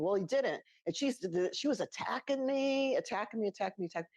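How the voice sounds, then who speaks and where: A middle-aged woman co-hosts a podcast, swapping personal stories in a chatty way, laughing along and acting out the voices of people she quotes. Her mid-range voice is expressive and a little mellow, her pace quick, and there's no room sound.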